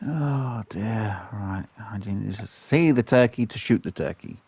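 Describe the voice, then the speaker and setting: A man's voice: lowish voice, slow pace, gravelly, darkish tone, husky. A man commentating his hunting game, muttering to himself and getting frustrated. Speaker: gaming youtuber.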